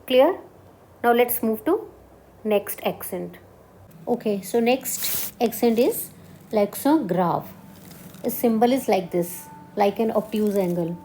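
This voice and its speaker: A woman's voice: on the high side, mellow, slight background noise. A woman teaching a beginner French class, explaining step by step and often checking that the students understood.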